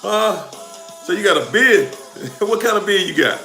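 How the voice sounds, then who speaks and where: A man's voice: sits high, animated, unhurried, bright, forceful tone. A man with a Washington DC accent hosting a casual livestream, greeting viewers by where they tune in from and drawing out his hype. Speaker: livestream host. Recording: roomy echo with music behind. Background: music playing.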